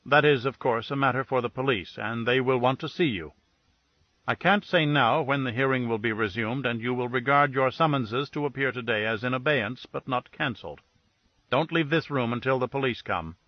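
A male narrator voicing a brisk government official giving clipped, officious orders. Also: mid-range voice, no echo, natural voice. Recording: dull, dry studio read.

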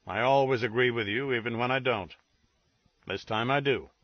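Man doing a rumbling, henpecked husband. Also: moderate pace, dry recording, lightly acted. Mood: agreeable. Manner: agreeable and mild. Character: placid, henpecked middle-aged husband. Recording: dull lo-fi recording.

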